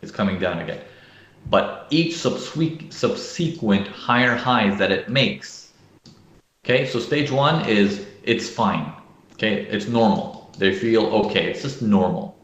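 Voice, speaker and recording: A man's voice: lowish voice, takes it slowly, fairly bright tone, reverberant, lo-fi sound. A man teaching live trading analysis, who often checks in with "okay?" and acts out panicking traders. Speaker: trading educator.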